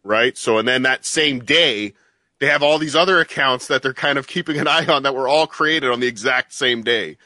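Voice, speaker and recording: Bright, dry-sounding male co-host. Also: medium pitch, normal speed, no room sound. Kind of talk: casual live-stream banter.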